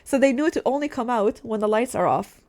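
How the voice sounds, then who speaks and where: A woman's voice: a little high, animated, brisk, darkish tone. A young woman in her twenties talking straight to her viewers in a candid, rambling monologue, swearing freely and leaning on "like" as she talks. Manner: candid, swears often, heavy filler "like", addresses viewers as guys. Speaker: vlogger.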